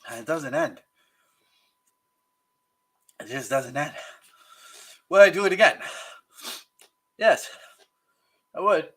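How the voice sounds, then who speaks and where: A man hosting a casual livestream while eating hot sauces, his mouth burning and eyes teary, gasping, sighing and groaning between slow remarks. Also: fairly high pitch, animated, a bit bright. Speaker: livestream host.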